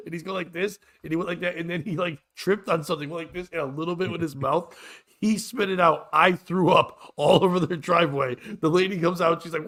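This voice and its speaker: A man's voice: on the high side, fast, a bit bright. A man hosting a casual comedy morning show, telling rambling stories full of stammers and restarts. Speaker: podcast host.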